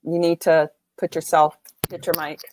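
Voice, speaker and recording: A woman's voice: sits low, flat delivery, normal speed, darkish tone, a little hiss or hum. A woman moderating a panel, handing off to speakers and thanking them politely.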